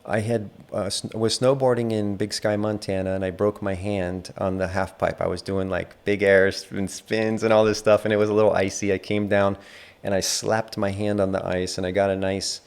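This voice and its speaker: A man teaching the internal arts in a casual spoken lecture, relaxed and rambling, with many fillers as he tells a story. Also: lowish voice, normal speed, clear, resonant tone.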